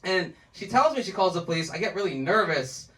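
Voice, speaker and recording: A man's voice: sits high, animated, a little fast, pushed and bright, distant mic. A man doing stand-up, rambling and profane, laughing at his own jokes. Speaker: stand-up comedian. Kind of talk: stand-up storytelling.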